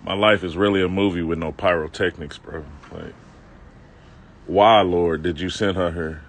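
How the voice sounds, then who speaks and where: Dude with a lowish voice telling a funny story live, slangy and laid back, cracking on himself, faint street noise around. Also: male voice, steady tone, normal speed. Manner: loose, slangy, self-mocking, with asides to viewers. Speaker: comedic vlogger telling a story. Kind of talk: casual storytelling to a live-stream audience. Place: outdoors on a city street.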